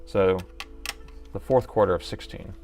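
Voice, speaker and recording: Chatty low-voiced middle-aged man. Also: measured pace, darkish tone, soft background music. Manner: chatty, thinking aloud, joking with chat. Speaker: host and laptop repair technician. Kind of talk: live-stream repair commentary.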